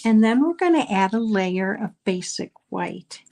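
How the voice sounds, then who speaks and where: A woman's voice: mid-range voice, expressive, a little slow, vocal fry, a little mellow. A middle-aged woman leading a live card-making class, explaining each step in a chatty way with frequent ums. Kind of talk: live crafting class demonstration.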